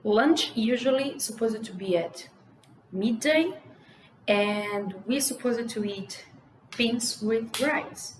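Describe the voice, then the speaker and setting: A woman's voice: a little high, slow. A young woman from Brazil with a Brazilian Portuguese accent, chatting casually to camera in English and filling her talk with "like" and "you know". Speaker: vlogger. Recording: echoey room with faint ambient noise.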